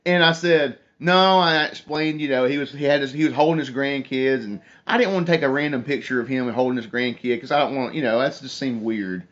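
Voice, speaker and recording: A man's voice: mid-range voice, fairly quick, few pauses, a bit bright. A young man, hosting a casual phone livestream, telling a rambling story and reading viewer comments aloud. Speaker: livestream host. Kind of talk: casual live chat with viewers. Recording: dull lo-fi phone stream audio.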